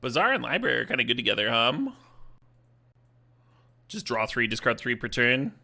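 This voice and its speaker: A man's voice: medium pitch, big pitch swings, moderate pace, vocal fry, sharp tone. A man streaming a card game, talking through his plays in a casual, swearing, laughing way. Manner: swears casually, laughs often, thinks aloud. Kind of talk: casual live-stream commentary.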